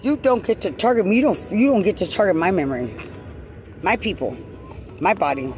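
A man's voice: high-pitched, lively intonation, a little fast, a little mellow, a little hiss or hum. A man ranting angrily outdoors, accusing someone over and over and swearing. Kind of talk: angry confrontational rant.

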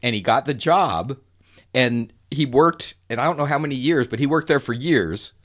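A man co-hosting a podcast in casual chat, animated, laughing often and restarting his sentences. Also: medium pitch, moderate pace. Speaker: podcast co-host.

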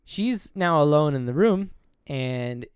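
A man's voice: a little high, expressive, slow pace, clear, resonant tone, no echo, clean studio sound. A man co-hosting a podcast, retelling horror film scenes in casual, profane chat and acting out the characters' lines. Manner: loose and profane, acts out scenes in quoted voices. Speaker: podcast co-host. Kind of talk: casual movie review chat.

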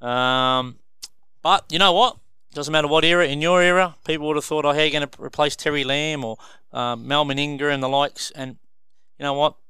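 A man's voice: on the high side, steady tone, brisk, pushed and bright, clear, resonant tone, dry recording. An Australian man hosting a casual rugby league chat, upbeat and steering the talk, often addressing his panel as boys. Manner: upbeat, keeps calling the panel 'boys'. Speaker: host.

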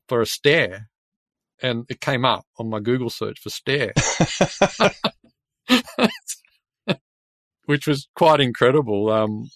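An Australian man hosts a casual podcast chat, telling anecdotes in a loose, rambling way and laughing often. His voice sits at an ordinary middle pitch. The recording is dry and close, with little room sound. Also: a bit bright, dry recording. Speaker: podcast host and builder.

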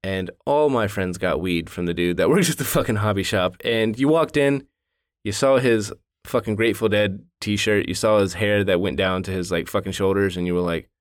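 Co-host, male, 30s, lowish dry voice, profane and sarcastic storyteller. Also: moderate pace, no echo. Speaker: podcast co-host. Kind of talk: casual chat.

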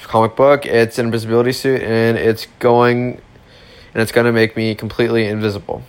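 A man doing a loud, eager lovesick kid. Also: medium pitch, little pitch movement, brisk, clear, resonant tone, close to an everyday voice. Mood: excited. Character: excitable awkward boy, lovesick and loud.

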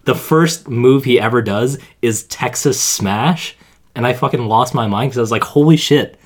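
Excitable, swearing young man. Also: mid-range voice, moderate pace. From Canada. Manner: excitable, swears a lot, bursts into laughter. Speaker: podcast co-host. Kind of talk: casual chat.

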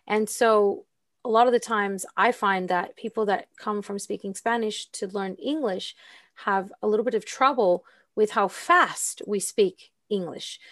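A woman's voice: medium pitch, no echo. Chatty woman with a dry, close sound. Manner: chatty, laughs between points. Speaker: language teacher. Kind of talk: casual educational podcast chat.

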